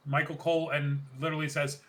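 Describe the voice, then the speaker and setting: Male podcast co-host, slightly high, bright tone, animated casual recaps with lots of laughter. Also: low-quality recording. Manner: animated, quotes people in quick bursts, laughs often. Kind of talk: casual chat recapping wrestling.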